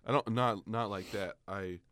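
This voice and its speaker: A man co-hosting a sports podcast in casual chat, deadpan and quick to argue a point. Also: on the low side, no echo, studio quality. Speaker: podcast co-host.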